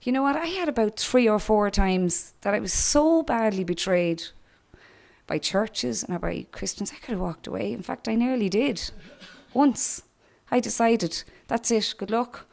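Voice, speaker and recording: A woman's voice: medium pitch, animated, measured pace, gravelly, darkish tone. A middle-aged Irish woman giving an earnest church testimony, speaking directly to young people. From Ireland.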